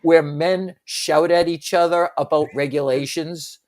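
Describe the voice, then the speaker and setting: Middle-aged male radio co-host, animated, lapses into shouted impressions. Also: on the high side, unhurried. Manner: animated, bursts into shouted movie quotes. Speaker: radio sports talk co-host. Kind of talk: casual talk radio banter.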